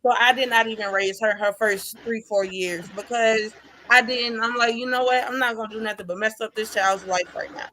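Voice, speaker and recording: A woman's voice: on the high side, steady tone, normal speed, sharp tone, a little hiss or hum. A woman talking about her father in a casual, heartfelt podcast chat, laughing often. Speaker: podcast guest.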